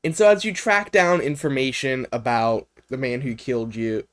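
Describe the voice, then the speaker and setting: A man's voice: medium pitch, normal speed. Rambling young man presenting a game. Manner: rambling, unscripted, lots of ums and uhs. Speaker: streamer presenting a video game. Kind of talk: casual livestream presentation.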